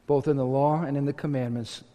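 A man preaching a sermon as pastor, impassioned and rising to loud exhortation. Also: mid-range voice, fairly even intonation, fairly quick. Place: church sanctuary. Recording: long hall reverb.

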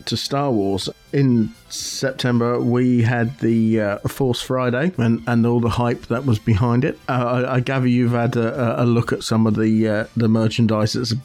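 A man's voice: mid-range voice, flat delivery, moderate pace, hardly any pauses, darkish tone, faint music behind. Hesitant man on a podcast. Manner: hesitant, many fillers and restarts, chuckling. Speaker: podcast co-host. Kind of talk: casual chat.

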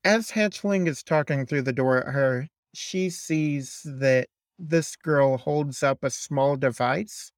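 Casting: unhurried male game master narrating, dry close sound. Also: fairly high pitch, dry recording. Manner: measured, descriptive narration.

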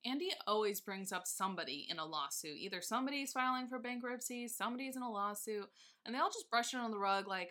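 A woman's voice: on the high side, animated, fast, bright, forceful tone. A woman co-hosting a casual chat, ranting indignantly and swearing freely. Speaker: podcast co-host.

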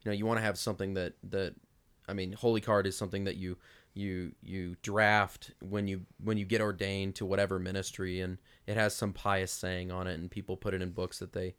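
Man, podcast co-host, low voice, smooth, dry wit, casual chat. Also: level tone, a little fast, fairly bright tone. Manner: dry, wry humor.

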